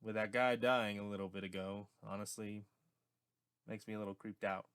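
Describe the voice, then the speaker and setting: A man voicing a wary young male college roommate who speaks in a monotone. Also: lowish voice, moderate pace, smooth.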